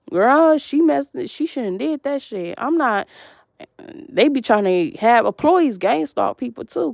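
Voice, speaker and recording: A woman's voice: a little high, vocal fry, a little mellow, dry recording, clean studio sound. A woman telling a long, rambling, profane story in an agitated monologue to camera.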